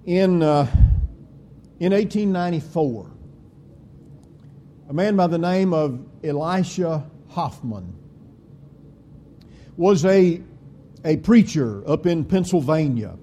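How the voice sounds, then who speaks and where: A man preaching a sermon, with slow, deliberate delivery and emphatic swings in pitch and volume. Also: animated, mellow, a little hiss or hum.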